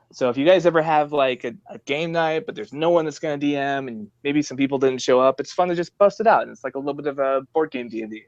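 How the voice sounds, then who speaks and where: Talking fast with few pauses, this mid-range male voice belongs to a podcast co-host who tells stories animatedly and acts out the quotes of the people in them. There's no room sound, and the audio is dry and dull, lo-fi in quality.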